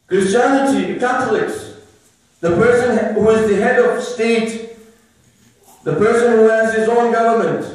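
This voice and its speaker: A man delivers a religious lecture to a live audience, hammering his points home through repetition and rhetorical questions. His voice sits very high for a man. It comes from some way off the mic and rings through a strongly echoing room. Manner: emphatic, repeats phrases and asks rhetorical questions. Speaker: religious speaker. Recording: very echoey room, voice from far off. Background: listeners murmuring responses.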